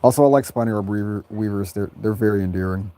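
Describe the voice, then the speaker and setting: Male streamer, laid-back Q&A, stumbles and restarts lines, frequent giggling. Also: warm tone. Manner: giggly, breaks into high laughter often; halting, repeats and restarts phrases. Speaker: creator answering viewer questions. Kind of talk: casual livestream chat.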